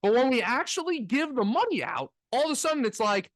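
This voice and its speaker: A man's voice: very high-pitched, big pitch swings, brisk, dry recording. A man co-hosting a casual sports talk podcast, ranting with energy and mocking fans in put-on voices.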